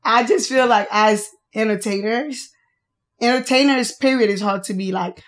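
A young woman from Haiti with a Haitian accent, chatting frankly and playfully as a podcast guest. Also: on the high side. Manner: blunt, frank and playful, quick bursts. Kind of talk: casual chat.

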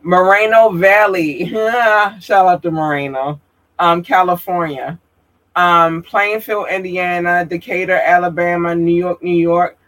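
Guy slowly reading off a long list of hometowns, kinda high voice, lots of ums, says sorry for butchering names. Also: pushed and bright, poor audio. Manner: halting, apologetic about mispronouncing names. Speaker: streamer giving shout-outs.

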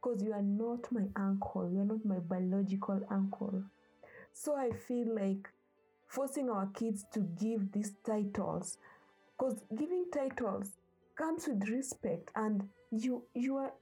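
Unhurried and slightly rough, a young woman from Africa speaks in a dark mid-range voice over soft background music, with poor audio quality. In this earnest personal talk, she passionately pleads with parents while sharing her views.

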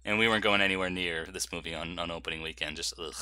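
Low-voiced chatty podcast man. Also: fairly even intonation, quick pace, bright, forceful tone, clean tone, no room sound. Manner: chatty, laughs often, many restarts. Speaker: podcast co-host. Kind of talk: casual film chat.

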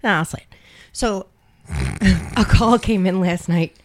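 A woman's voice: on the low side, expressive, slow pace. A woman co-hosting a podcast, telling a true-crime story in casual chat, wry and profane. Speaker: podcast co-host; emergency dispatch worker.

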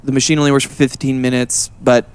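A man's voice: medium pitch, flat delivery, fast talker, a little mellow, clean tone, dry recording. A man playfully running an improvised comedy sketch. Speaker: sketch performer.

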